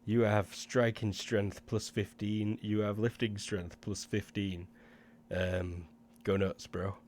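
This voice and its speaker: A relaxed man runs a tabletop game, narrating grisly changes and rules in a loose, joking way. His voice sits on the low side, and a faint hum runs under the recording. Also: slow. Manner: laid-back, laughs easily, swears casually. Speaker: game master. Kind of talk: running a tabletop game and signing off.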